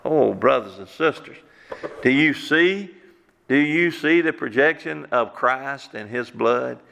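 A man's voice: mid-range voice, expressive, slow, gravelly, a bit bright, slight background noise. A man, preaching a sermon as pastor, repeating words as he works up emphasis and lets his voice rise and fall. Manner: preaching with rising and falling emphasis, repeats words when worked up. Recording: hall reverb.

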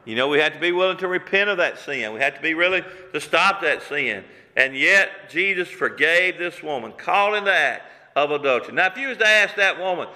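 A man in his sixties, a pastor preaching a sermon in a folksy cadence, slowing down and dropping low when he quotes scripture. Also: expressive, sharp tone. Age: 60s. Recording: long reverb of a large room.

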